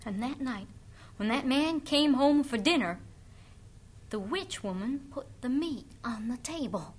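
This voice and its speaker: A woman's voice: high-pitched, expressive, measured pace, breathy edge. A woman telling a folk tale dramatically, dropping to whispers for suspense. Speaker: storyteller.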